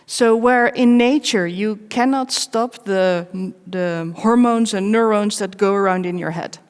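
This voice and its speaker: A woman giving a live conference talk, candid and personal, with wry self-mocking asides and measured pauses between short phrases. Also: mid-range voice, smooth. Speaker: conference speaker. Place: large conference hall. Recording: long reverb of a big hall.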